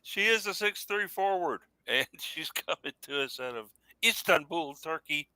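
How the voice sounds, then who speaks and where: A man co-hosting a casual sports podcast, reading out a player's background in a lively way. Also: on the high side, normal speed, clear, resonant tone, dry recording, poor audio. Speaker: podcast co-host.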